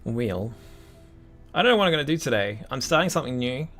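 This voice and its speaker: Streaming live, this young Australian composer talks fast and very animatedly in a medium, slightly bright voice, with faint music playing behind him. He rambles easily through viewer messages, laughing a lot.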